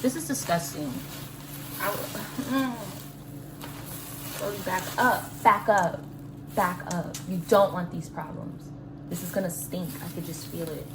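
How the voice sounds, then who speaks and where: A woman vlogging casually at home to her viewers, talking in an animated way full of dramatic exclamations. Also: fairly low pitch, unhurried, long pauses. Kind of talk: casual vlog talk to viewers. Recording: echoey room with loud background noise.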